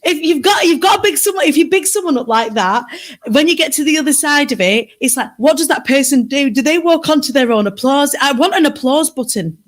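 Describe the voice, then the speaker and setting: A woman's voice: sits high, animated, brisk. A woman from Britain hosting a casual livestream from her sofa, bubbly and chatty with rambling asides. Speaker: livestream host. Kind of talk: casual live chat. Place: home sofa.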